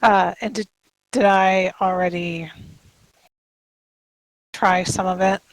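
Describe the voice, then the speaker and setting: A woman's voice: medium pitch, fairly even intonation, slow pace, no room sound, low-quality recording. A woman playing a tabletop role-playing game, describing her moves hesitantly with many fillers. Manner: hesitant, thinks aloud with fillers. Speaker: player.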